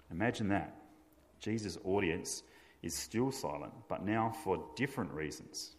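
Male preacher, deep register, deliberate and emphatic, echoing sanctuary. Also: animated. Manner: measured, emphatic preaching delivery. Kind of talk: sermon.

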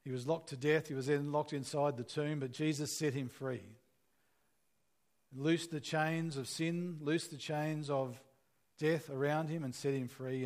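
A man's voice: medium pitch, a little mellow. A man preaching a sermon in an earnest, conversational way, asking the listeners questions as he retells a scripture story.

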